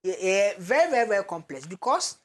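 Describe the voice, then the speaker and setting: A woman with a Ghanaian accent, a guest expert on a talk show, explaining step by step in a measured way with hesitant fillers between Twi and English. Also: medium pitch, very animated.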